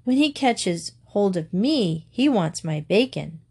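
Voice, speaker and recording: A woman's voice: medium pitch, animated, takes it slowly, warm tone, slightly rough, full character voice. A woman voicing a frantic pig who answers indignantly, drawing out the words.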